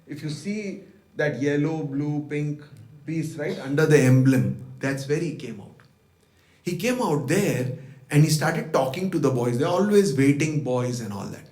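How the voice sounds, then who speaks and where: A man's voice: fairly high pitch, animated, unhurried, a little mellow, echoey room. A man giving a devotional talk, reflectively telling personal stories and acting out the dialogue he remembers. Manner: reflective, retells events with quoted dialogue. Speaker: guest speaker at a devotional birthday program. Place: devotional center hall.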